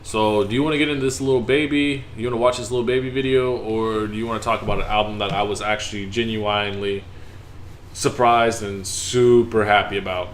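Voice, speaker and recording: A man co-hosting a casual podcast chat, telling stories in a lively way and acting out his own reactions. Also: on the low side, brisk, slight background noise. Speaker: podcast co-host. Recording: echoey room.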